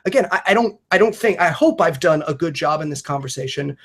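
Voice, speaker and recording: A podcaster and comedian talks earnestly and emphatically on a casual video call, swearing freely and often restarting sentences. His voice is fairly high, fast, fairly bright and slightly rough, with lively intonation.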